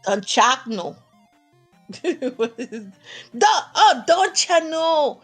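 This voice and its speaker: A woman with a New York accent casually commentating a video game tournament, excitable and quick to laugh. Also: high voice, faint music behind.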